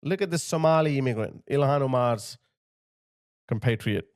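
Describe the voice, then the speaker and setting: A man's voice: medium pitch, lively intonation, normal speed, darkish tone. A man giving impassioned video commentary, emphatic and indignant, driving his points home by repeating phrases. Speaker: political commentator.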